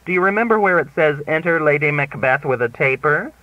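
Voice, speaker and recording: A man's voice: fairly high pitch, animated, brisk, no echo, voice pushed up, close to an everyday voice. A man voicing an opinionated American woman who speaks in an emphatic, know-it-all way, in a dry, slightly dull audiobook recording. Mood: insistent. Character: opinionated, insistent American woman mystery fan.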